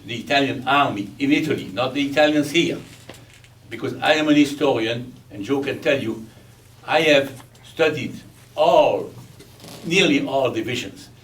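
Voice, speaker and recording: Heard from a distant microphone over faint background noise, this Belgian-accented man in his eighties has a mid-range, fairly bright voice. As a veteran guest speaker, he chats and jokes with the audience, driving points home through emphatic repetition.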